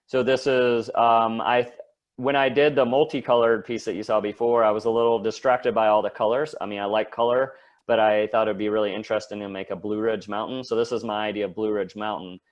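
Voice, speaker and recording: A man's voice: fairly low pitch, little pitch movement, fairly quick, highs cut off. A man giving a casual slide talk as a guest artist, rambling with many fillers and restarts.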